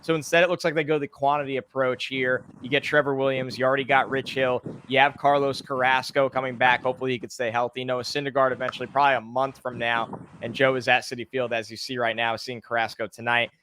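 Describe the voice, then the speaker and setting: Bright-voiced man hosting sports talk. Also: mid-range voice, flat delivery, fast talker, a little hiss or hum. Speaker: podcast host.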